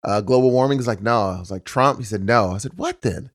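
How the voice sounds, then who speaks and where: A man with a medium-pitched voice talks fast while co-hosting a podcast, casually teasing his partner. He laughs as he tells stories in an animated way.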